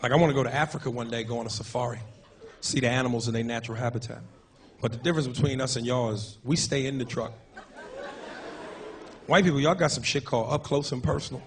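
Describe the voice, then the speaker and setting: A man doing a crude, animated stand-up comedy set on a club stage with a handheld mic. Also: medium pitch, vocal fry. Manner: crude, animated, profane jokes. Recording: noisy live club recording. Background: audience laughter.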